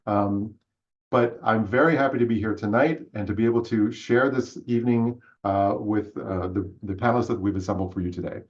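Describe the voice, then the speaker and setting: A man with a lowish voice hosts a theater talk show over a video call, his sound a bit dull and lo-fi. He speaks in a friendly, halting way, padding his lines with ums and uhs. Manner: halting, friendly, many fillers. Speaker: host. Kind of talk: live-streamed panel talk.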